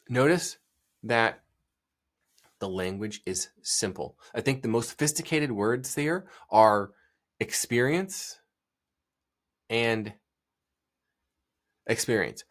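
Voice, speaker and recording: A man's voice: mid-range voice, fairly bright tone. A man hosting a solo podcast, talking casually and emphatically with many fillers and restarts, and reading a passage aloud. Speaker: podcast host.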